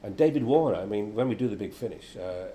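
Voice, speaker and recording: Older actor being interviewed, low voice, does voices in his stories, light hiss. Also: fast. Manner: lively storyteller, acts out quotes. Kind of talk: casual interview chat. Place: venue with background chatter.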